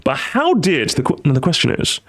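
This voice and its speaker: On a live stream, a young man chats casually and briskly, jokey and animated, occasionally breaking into high, squeaky exclamations.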